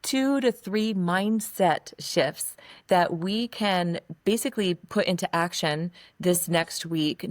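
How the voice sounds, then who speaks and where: A woman podcast host with a somewhat low voice speaks earnestly, affirming her guest and moving smoothly into a sponsor read. The sound is close and dry, with no room reverb.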